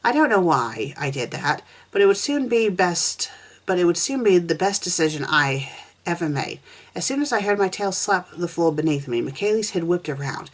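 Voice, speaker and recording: A woman reading a first-person fan story aloud at a steady pace, with small slips and restarts as she goes. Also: lowish voice, moderate pace. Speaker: fanfiction reviewer.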